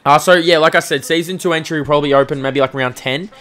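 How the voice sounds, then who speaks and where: A young man giving energetic play-by-play commentary on a video game match, his voice jumping up on the big plays. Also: on the high side, racing, faint music behind. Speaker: host and commentator.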